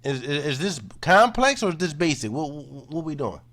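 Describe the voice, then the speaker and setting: A man giving casual commentary, relaxed and low-key, full of "you know" fillers. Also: normal speed.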